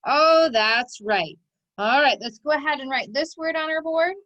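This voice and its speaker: A woman's voice: high voice, fairly quick, a bit bright, no echo, highs cut off. A woman teaching a recorded phonics lesson to children, giving encouraging step-by-step instructions.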